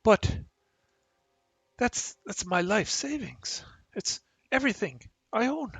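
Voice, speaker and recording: A man's voice: high-pitched, big pitch swings, slow, slightly rough, no room sound, voice pushed up, exaggerated voice. A man voicing a timid, showy traveller who carries a rapier, speaking in a pleading, fearful tone.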